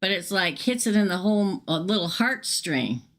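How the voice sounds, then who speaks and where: A middle-aged woman hosts a tarot livestream, casually reading cards while chatting upfront and directly to her viewers, even reading the chat aloud. Her medium-pitched voice is expressive and moves at a moderate pace.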